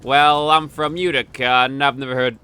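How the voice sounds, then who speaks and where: A man voicing a stern, skeptical older male school superintendent in a cartoon, questioning gruffly and suspiciously. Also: mid-range voice, steady tone, moderate pace, bright, forceful tone, slight background noise, natural voice. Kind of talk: cartoon scene reenactment.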